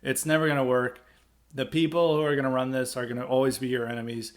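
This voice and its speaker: A man's voice: mid-range voice, level tone, quick pace. A man hosting a podcast, delivering a rambling political commentary monologue full of fillers, with emphatic bursts. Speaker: podcast host.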